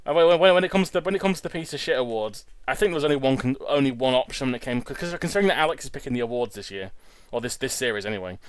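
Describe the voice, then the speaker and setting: A man's voice: mid-range voice, expressive, racing, clear, resonant tone, no room sound. A young man in his twenties hosting a let's-play, rambling casually and tripping over his words. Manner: chatty, rambling, stumbles and repeats words. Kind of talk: casual gameplay commentary. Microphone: home recording setup.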